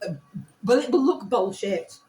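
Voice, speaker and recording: A woman with a Yorkshire accent, a crafting teacher chatting, teasing gently and reassuring. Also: on the high side, lively intonation, normal speed. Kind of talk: casual chat. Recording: echoey room.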